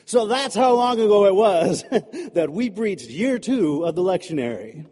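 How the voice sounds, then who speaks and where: A man's voice: high voice, very animated, unhurried, mellow, breathy edge. A man preaching a sermon in a loose, chatty way, joking often and leaning on "you know". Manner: chatty and humorous, many fillers like "you know". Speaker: pastor. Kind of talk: conversational sermon. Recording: echoey hall.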